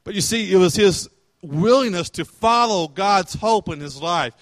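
A man's voice: high-pitched, animated, normal speed, a bit bright, dry recording. A male pastor preaching a sermon in a conversational way, asking questions and retelling scripture in everyday words.

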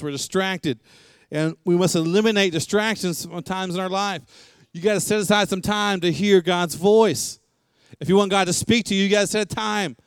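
A man's voice: on the high side, smooth, no room sound, studio quality. A middle-aged man, a pastor, preaching a sermon and repeating lines for emphasis.

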